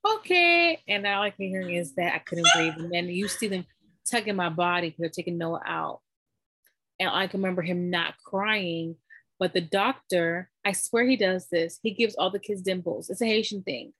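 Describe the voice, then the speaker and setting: A woman chatting casually, recounting a story with animated delivery and acting out what people said. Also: lowish voice, moderate pace, husky, no echo. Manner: animated storytelling, acts out quoted voices. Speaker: storyteller recounting giving birth. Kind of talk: casual chat.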